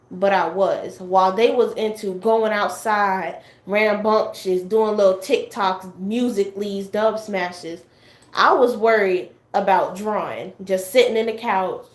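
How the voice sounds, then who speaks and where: A woman's voice: mid-range voice, measured pace. Young woman rambling through a story, echoey room. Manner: rambling, heavy fillers, acts out family quotes. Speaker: guest sharing a personal story. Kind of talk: casual storytelling chat.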